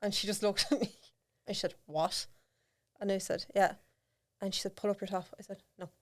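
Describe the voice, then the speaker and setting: A woman's voice: mid-range voice, normal speed. A woman in her thirties with an Irish accent, a podcast guest telling a personal story candidly and acting out the voices of people in it. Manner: animated, acts out quoted voices, laughs often. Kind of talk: candid storytelling in casual chat.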